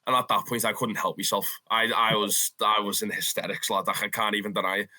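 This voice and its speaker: A young man with a Scouse accent, a football fan telling stories in a casual interview, animated and swearing freely. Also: lowish voice, brisk. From Liverpool, England. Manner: animated, swears freely, calls the listener "lad".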